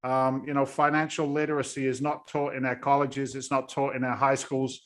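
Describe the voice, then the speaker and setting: A man's voice: medium pitch, little pitch movement, brisk, fairly bright tone. A man, a guest in a casual interview, telling his story bluntly and with animation. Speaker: guest, real estate investor.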